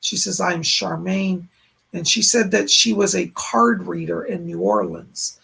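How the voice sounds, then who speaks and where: A hoarse man hosting a live-stream psychic reading, relaying spirit messages in looping "he said" phrasing and thanking viewers effusively. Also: sits high, expressive, a little slow, sharp tone, slight background noise. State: hoarse, voice giving out. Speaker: psychic medium, stream host.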